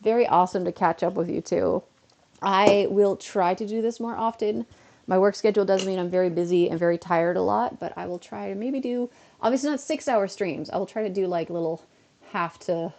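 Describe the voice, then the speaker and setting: Tired chatty streamer woman, gravelly and mellow. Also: on the low side. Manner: rambling, self-mocking, easily amused. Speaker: live streamer. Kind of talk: chatty live-stream talk to viewers.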